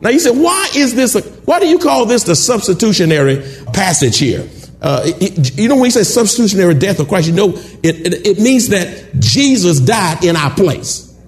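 A man preaching a sermon, calling out questions to the congregation and building up to shouts. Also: high-pitched, sing-song, moderate pace. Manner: call-and-response preaching, rising to shouts. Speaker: pastor.

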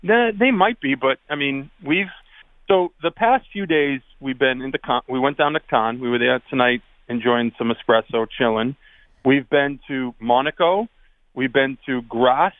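A man's voice: mid-range voice, normal speed, no room sound. A man with a Boston accent calling in to a radio show, talking playfully. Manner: joking, playful. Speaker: caller. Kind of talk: casual phone chat. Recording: tinny phone line.

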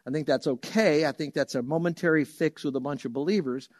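Animated preacher man, dry close sound. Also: a little high, brisk, no echo. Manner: animated storytelling, acts out voices loudly. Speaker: pastor. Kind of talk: sermon.

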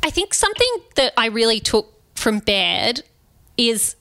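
A woman in her thirties co-hosts a book podcast, speaking earnestly and conversationally. Her voice sits a little high and sounds bright and forward. She drops in animated asides as she makes her points. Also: a little slow, gravelly. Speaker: podcast co-host. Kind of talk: casual book discussion.

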